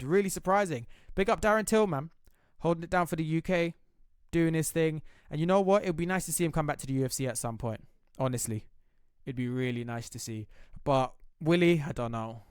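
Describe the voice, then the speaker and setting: Young British man, slangy and animated vlogger, clean resonant voice. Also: medium pitch, clean tone, no room sound, clean studio sound. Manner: animated and slangy, swearing freely. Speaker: MMA reaction vlogger. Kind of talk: casual fight breakdown.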